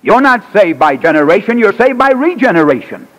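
Male evangelist, high-ish voice, punchy revival preaching, long church reverb. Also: sing-song, brisk. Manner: emphatic preaching with sharp swings in pitch and loudness. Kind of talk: revival sermon. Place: church sanctuary.

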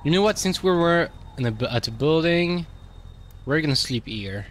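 A man's voice: fairly high pitch, lively intonation, moderate pace. A man streaming a driving game, commenting loosely and with swearing as he thinks aloud. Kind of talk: casual gameplay commentary.

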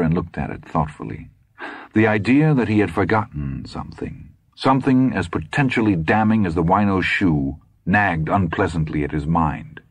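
A man narrating an audiobook in a measured, tense storytelling manner. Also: low voice, husky, no echo.

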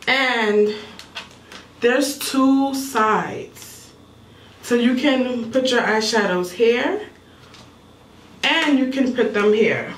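Slow-talking woman in an echoey room. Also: a little high, far from the mic, slight background noise. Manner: explains step by step while showing products; mumbling. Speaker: makeup vlogger. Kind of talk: casual makeup tutorial. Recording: echoey room, voice away from mic.

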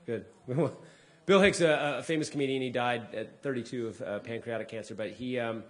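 Comedian guy chatting to a live crowd, jumps way up when he acts out other people, then goes low and quiet. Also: moderate pace. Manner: animated, acts out people's lines with big jumps in pitch; drops to a quieter, lower voice for asides. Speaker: comedian giving a talk. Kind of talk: casual talk to a live audience.

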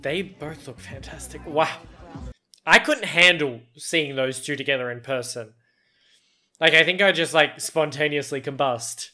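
A man's voice: a little high, measured pace, bright, forceful tone. A man with an Australian accent giving casual, laugh-filled movie reaction commentary, swearing freely.

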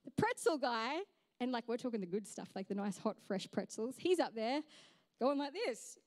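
Animated woman preaching with humor. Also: fairly high pitch, normal speed, no echo. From Australia. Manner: storytelling, humorous, self-mocking. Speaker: pastor. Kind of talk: sermon. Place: church stage.

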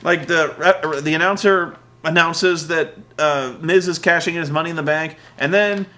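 A man hosting a comedic wrestling recap, sarcastic and profane with deadpan jokes. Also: a little high, normal speed, slight background noise. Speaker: podcast host.

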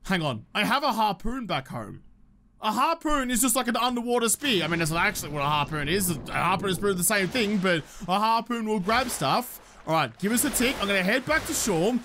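A man's voice: high voice, lively intonation, a little fast, pushed and bright, a little hiss or hum. A man giving chatty, self-mocking solo gameplay commentary, swearing now and then. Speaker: gaming YouTuber.

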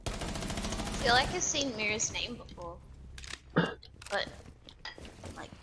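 A woman's voice: mid-range voice, animated, takes it slowly, background noise. An Australian woman streaming a game with friends, giggly and swearing freely in casual chat. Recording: loud keyboard clicks behind voice.

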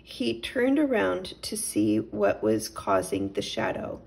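A woman reads a children's story aloud at a gentle, very slow pace. Her voice has a gravelly texture at a middle pitch. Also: huge pitch swings.

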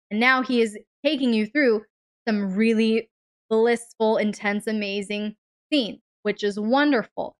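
A woman hosts a live advice stream, her voice smooth and resonant and pitched a little high. She leans hard into key words, stretching them out, and talks directly to her listeners. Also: fairly bright tone. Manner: emphatic, drawn-out stressed words, addresses listeners directly. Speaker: relationship advice host.

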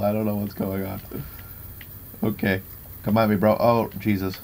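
A young man giving live commentary over his own fighting-game match, excitable and trash-talking, laughing at his own jokes. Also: fairly low pitch, moderate pace, a little hiss or hum. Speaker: gameplay commentator.

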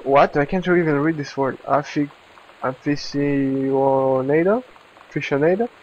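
A man's voice: on the high side, fairly even intonation, normal speed, highs cut off. A man giving casual let's play commentary, reading in-game texts aloud, stumbling over words and laughing at himself, recorded at home at his computer.

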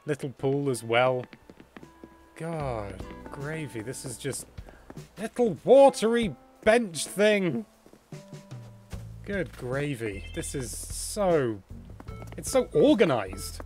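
A man hosting a casual game livestream, excitable and chatty, exclaiming as he goes. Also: medium pitch, takes it slowly, faint music behind. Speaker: livestream host.

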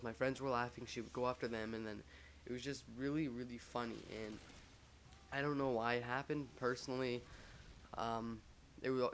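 A guy tells a story in a loose, rambling way, full of "like" and "um," and he jokes at his own expense. His voice sits at a middling pitch and stays flat and level, and a faint hiss of noise runs under it. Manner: rambling, filler-heavy, lots of "like"; joking, self-mocking. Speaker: vlogger telling a story. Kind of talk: casual storytime over gameplay.

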